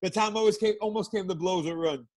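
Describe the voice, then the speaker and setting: Here's a fast-talking, middle-aged guy from Brooklyn, New York, spinning casual interview stories full of swearing and acted-out quotes. For a man he pitches high, and his tone is husky with a bit of rasp.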